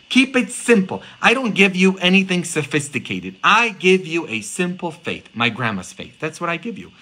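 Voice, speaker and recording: Male priest, middle-aged, bright tone, lively sermon, rhetorical asides. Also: mid-range voice, poor audio. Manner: animated storytelling, rhetorical "huh?" tag questions.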